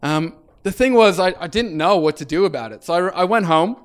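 A man's voice: sits high, animated, a little fast. A man giving a personal testimony in a conversational way, with many fillers and quoted lines acted out. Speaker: speaker sharing his faith story.

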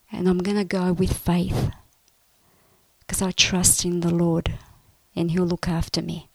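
Slow, earnest woman giving faith testimony. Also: lowish voice, flat delivery, dry recording. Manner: earnest, emotional storytelling, often soft and breathy.

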